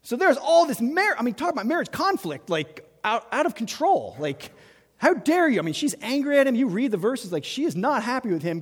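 A man preaching a sermon in a lively, conversational way, acting out quotes as he goes. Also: sits high, husky. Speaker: pastor. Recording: long reverb of a large hall.

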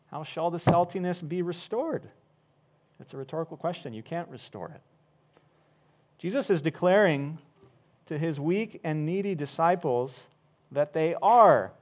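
A man's voice: on the high side, a little mellow. A man preaching a sermon, earnest and emphatic, with frequent "uh" fillers. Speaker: pastor.

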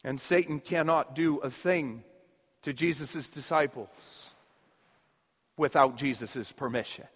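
A man's voice: medium pitch, unhurried, fairly bright tone, slightly rough, big-room sound. A man preaching a sermon as pastor, earnest and explanatory, with emphatic repetition. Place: church.

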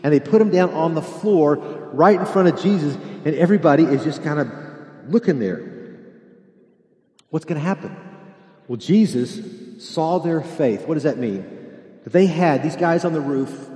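A man's voice: a little high, lively intonation, normal speed, long pauses, mellow. Man preaching in an echoey hall. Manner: storytelling, acts out dialogue. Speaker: pastor. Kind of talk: sermon. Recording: echoey hall, long reverb.

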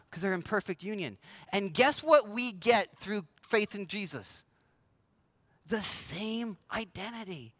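High, bright-voiced male pastor preaching. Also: expressive, unhurried, no room sound. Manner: conversational, acts out quoted voices. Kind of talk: sermon.

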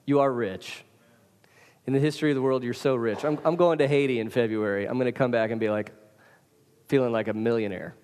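A man's voice: medium pitch, fairly even intonation, brisk, a little mellow. A man preaching a sermon as pastor, casual and emphatic, speaking straight to his congregation. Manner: casual, emphatic preaching with direct address to listeners. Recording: hall reverb.

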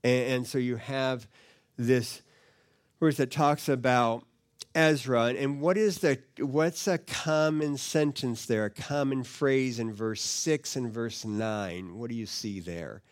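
A man's voice: mid-range voice, slow pace. A man preaching and teaching to a live audience in a conversational way, often repeating words and putting questions to the listeners. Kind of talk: teaching sermon.

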